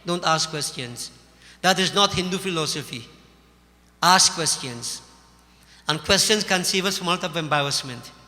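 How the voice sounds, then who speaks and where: Caribbean English male preacher, high voice, long reverb in a hall. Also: moderate pace, long pauses, sharp tone. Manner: folksy, emphatic, addresses listeners as devotees. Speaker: Hindu religious teacher. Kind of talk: sermon with storytelling.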